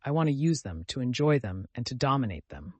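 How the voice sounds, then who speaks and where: A man's voice: medium pitch, sing-song, fairly quick, darkish tone, slightly rough, no room sound. A man reading the part of a young man who is cold, bored and self-absorbed, speaking in a languid, dismissive way.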